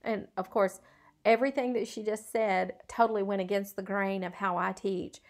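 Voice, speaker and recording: A woman's voice: medium pitch, fairly even intonation, moderate pace. A middle-aged woman and former schoolteacher giving a recorded video lecture in an earnest, conversational way, with frequent ums and uhs. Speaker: college instructor, former schoolteacher.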